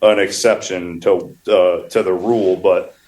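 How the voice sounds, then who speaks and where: A low-pitched man from upstate New York chats casually about job sites. He rambles, restarts his phrases and laughs often as he tells shop stories. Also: steady tone, a little slow, darkish tone, poor audio. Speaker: wood flooring contractor guest. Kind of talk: casual podcast conversation.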